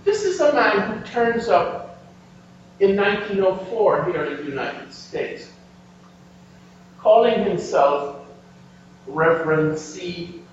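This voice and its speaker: A man delivers an animated history lecture in a high voice, taking his time over each point as he turns to the audience. He sounds far from the mic, his voice bouncing around a large hall. The recording is dull and lo-fi, with a faint hum underneath. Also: slow pace, pauses often. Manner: animated, emphatic, addresses audience.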